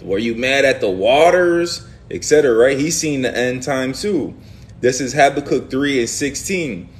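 A man's voice: medium pitch, expressive, normal speed. Emphatic, slangy man leading scripture talk. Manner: emphatic, slangy, acts out prophets' words. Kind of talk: animated Bible study discussion.

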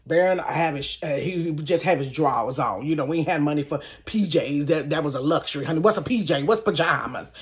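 Animated woman telling a storytime. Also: sits low, brisk, hardly any pauses. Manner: animated, laughing, addresses viewers as y'all and honey. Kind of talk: casual storytime. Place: her bedroom.

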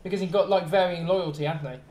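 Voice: mid-range voice, fairly even intonation, brisk, a little mellow, reverberant. A streamer trading jokes with friends during a train game, laughing often. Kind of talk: casual gaming banter.

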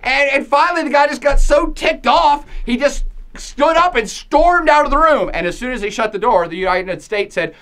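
An irreverent male lecturer keeps the tone loose and slangy. He laughs often and quizzes the class with rhetorical questions. His delivery stays animated and conversational. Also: very high-pitched, normal speed.

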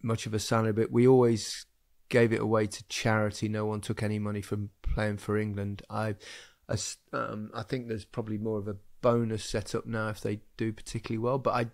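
A man hosting a football podcast, telling stories in a casual, animated way and laughing often. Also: on the low side, a little fast, dry recording, clean studio sound. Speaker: podcast host. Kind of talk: casual storytelling chat.

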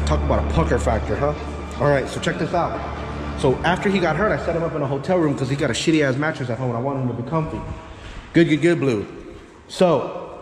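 A man's voice: on the high side, long reverb tail, background noise. A man with a Texan accent, a dog trainer talking casually and profanely to the camera, his dogs and a helper while he trains.

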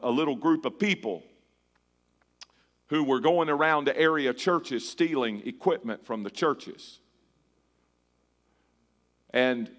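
A middle-aged pastor with a medium-pitched voice preaches a sermon in a church. He starts with hushed storytelling and builds to a fervent shout that is half sung.

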